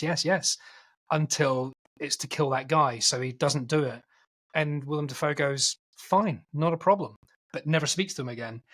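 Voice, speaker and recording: A man co-hosting a film podcast, casually retelling a film's plot in a rambling, animated way and acting out quotes. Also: mid-range voice, slightly rough. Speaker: podcast co-host.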